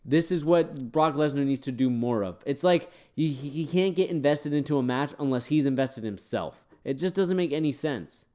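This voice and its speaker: A man's voice: fairly high pitch, moderate pace, few pauses, darkish tone. Male reviewer, casual and opinionated, rambling, worn out. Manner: opinionated and rambling, with frequent fillers. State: tired, yawning. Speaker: wrestling show reviewer.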